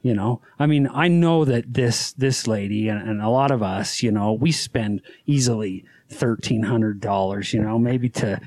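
A man from Utah, a farmer and podcast guest, telling stories in casual chat, animated and laughing often. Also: lowish voice, moderate pace, hardly any pauses, dry recording. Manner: animated, laughs often, acts out quoted voices. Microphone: podcast studio microphone.

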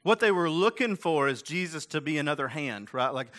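A man with a fairly high, fairly bright voice talks a little fast, his intonation lively. He's a pastor giving a chatty sermon full of asides and rhetorical questions, easygoing and self-deprecating, with "like" and "right?" sprinkled throughout.

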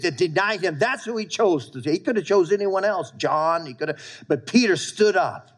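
Male pastor preaching emphatically to his congregation, voice sitting a little high. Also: animated, normal speed. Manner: emphatic preaching, repeating lines and calling for amens. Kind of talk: sermon.

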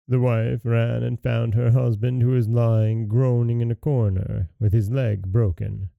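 A man hosting and reading a fairy tale aloud in measured storybook narration. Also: medium pitch, level tone, creaky, no room sound, highs cut off. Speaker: storyteller host.

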